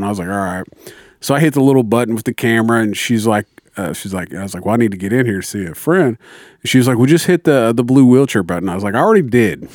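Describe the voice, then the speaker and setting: A man's voice: medium pitch, no echo. Profane storytelling man, dry close sound. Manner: profane, animated storytelling with quoted dialogue. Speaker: friend telling a story. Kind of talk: casual chat.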